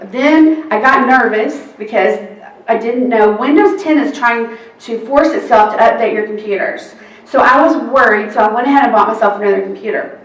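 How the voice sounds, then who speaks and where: A Texan court reporter tells a work anecdote to a seminar audience in a slightly high voice, animatedly acting out the other people's lines in the exchanges she quotes. She is far from the mic, and the room gives a roomy echo.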